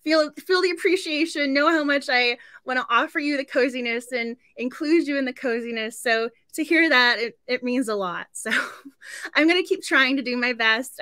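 A woman hosts a book club stream in a chatty, effusive way, laughing often. Her voice sits high and sounds bright and sharp. The sound is close and dry, with no room around it. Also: no room sound. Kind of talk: casual live-stream chat.

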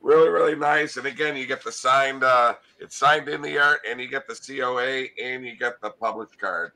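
A man working as a comic art dealer, giving an enthusiastic sales pitch. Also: moderate pace, pushed and bright, poor audio.

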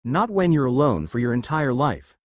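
A man's voice: mid-range voice, big pitch swings, normal speed, no room sound, close to an everyday voice. A man voicing a brash, bitter young male ninja in a fan story reading, in his own voice.

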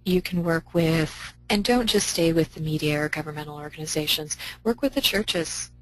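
A woman's voice: low-pitched, moderate pace, rough recording. Woman library director giving a talk. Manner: upbeat, conversational, practical advice. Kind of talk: conference presentation.

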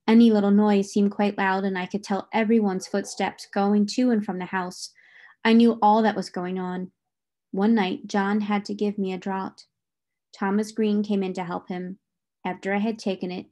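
A woman narrating a classic novel aloud in a calm, measured storytelling voice. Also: medium pitch. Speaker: audiobook reader.

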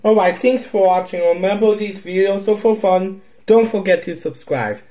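A man's voice: sits high, normal speed, warm tone, rough recording. A man hosting his own video, wrapping up a silly skit in a playful, goofy way and talking straight to viewers. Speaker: video host. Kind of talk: silly improvised skit and channel outro.

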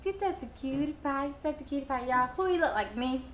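Cooing young mother, high lively voice. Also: fairly quick. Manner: cooing baby talk to her infant son, chatty asides to viewers. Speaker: vlogger and new mother. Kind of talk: casual home vlog. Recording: roomy echo, faint background noise.

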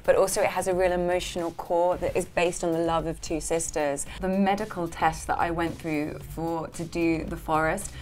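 An English actress chatting as an interview guest, laughing often and talking with many fillers. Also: female voice, on the low side, steady tone, normal speed, hardly any pauses, a little mellow, a little hiss or hum. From England. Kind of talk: casual promotional interview.

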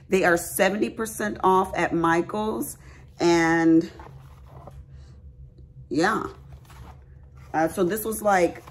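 A middle-aged woman, chatting casually to viewers in a craft haul vlog at home, folksy and chatty. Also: mid-range voice. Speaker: crafting vlogger. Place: at home, bedroom.

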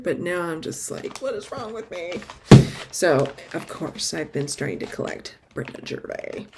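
A middle-aged woman chatting casually to camera about her stitching, excitable and gushing, with sudden high exclamations. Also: a little hiss or hum. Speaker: cross-stitch vlogger.

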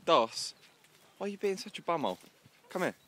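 A man's voice: a little high, very animated, fairly quick, a bit bright, a little hiss or hum. A man chatting casually outdoors in a horse field, joking and swearing lightly as he coos at his horse. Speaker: horse owner filming. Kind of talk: casual chat while filming. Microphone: handheld camera.

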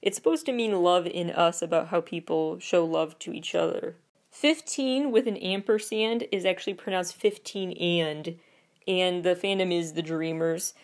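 A woman's voice: on the low side, normal speed. A woman hosting a podcast, giving casual commentary with chatty, opinionated asides. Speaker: podcast host.

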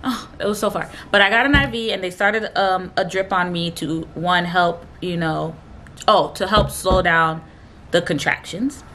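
A young woman vlogger chatting casually through a personal story, rambling with filler sounds and acting out other people's lines in a higher voice. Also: moderate pace, a bit bright, slight background noise. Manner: chatty and rambling, fills gaps with "da, da, da" and "blah, blah"; emotional retelling. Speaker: vlogger telling her own story.

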